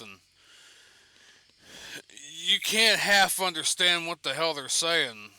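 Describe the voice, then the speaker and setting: Bright, crisp-voiced man streaming a game. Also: on the high side, expressive, takes it slowly, pauses often, dry recording. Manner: swearing, laughing, rambling asides. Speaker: gaming streamer. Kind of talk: casual gameplay commentary.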